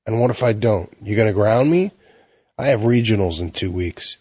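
A man's voice: fairly low pitch, lively intonation, normal speed, darkish tone, slightly rough, no room sound, studio quality. A man voicing a sneering, athletic teenage boy who bullies his brother in a storybook reading. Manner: sneering, mocking.

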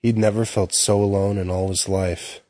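A man narrating an audiobook in a steady, measured way. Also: lowish voice, no room sound, clean studio sound.

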